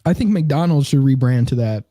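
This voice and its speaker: A laid-back man with a very dark, mellow voice, talking offhand and swearing casually. The sound is dry with no room echo. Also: medium pitch, lively intonation, normal speed. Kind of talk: casual chat.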